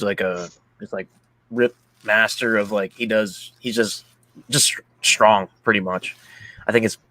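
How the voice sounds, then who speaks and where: A man co-hosting a casual movie chat stream, retelling film scenes in an animated way and laughing often. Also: lowish voice, dry recording. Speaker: podcast co-host.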